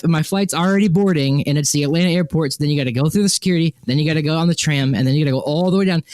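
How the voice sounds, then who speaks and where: A man with a fairly high voice tells a rambling story on a podcast and acts out each person he quotes. His sound is close and dry, with no room around it. He swears freely and talks in a loose, casual way. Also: no room sound. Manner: animated, swearing, quotes people in exaggerated voices. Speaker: podcast co-host.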